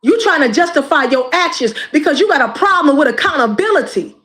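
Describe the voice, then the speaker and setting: High-pitched woman, impassioned and preachy. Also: expressive, brisk, a bit bright. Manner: preachy and emphatic, repeats phrases. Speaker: YouTube creator. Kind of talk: impassioned direct-to-camera monologue.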